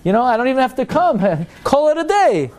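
A man's voice: high voice, lively intonation, quick pace, a little mellow. A man doing a breezy, scoffing worshipper. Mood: breezy mockery. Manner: breezy, incredulous, mocking questions. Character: nonchalant man shrugging off worry in synagogue.

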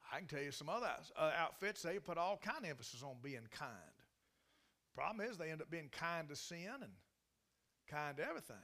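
A man's voice: a little high, lively intonation, a little fast, pushed and bright. A man preaching a sermon in a folksy, emphatic way, often restarting his sentences. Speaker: pastor.

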